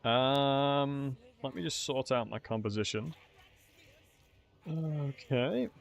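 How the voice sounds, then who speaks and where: A young man streams a tournament match in a strategy game, chatting casually with viewers and joking at his own expense. His medium-pitched voice is creaky and slow. Soft music plays in the background.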